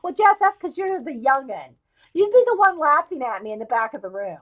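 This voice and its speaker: A chatty woman in her late fifties hosts a live stream, her voice sitting noticeably high. She wanders off on tangents, laughs often at herself, and talks to her viewers as if they were old friends. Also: very animated, brisk, a bit bright. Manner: rambling, digressive storytelling with frequent laughs. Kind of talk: casual live chat.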